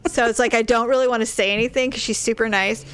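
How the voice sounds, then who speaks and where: Animated storytelling woman, slightly high voice. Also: fast, clear, resonant tone. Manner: animated, acts out quoted voices, laughs often. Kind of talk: casual storytelling chat.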